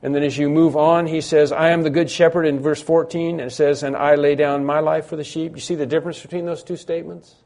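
A man's voice: on the high side, flat delivery, fast, few pauses, darkish tone. A man preaching a sermon, emphatic, building through repeated phrases and frequent restarts. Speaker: pastor.

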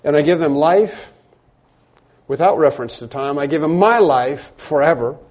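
A man preaching a sermon, stressing words loudly and then dropping low, often repeating phrases. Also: animated, moderate pace. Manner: emphatic, repeats phrases, swings between loud stresses and quiet drops.

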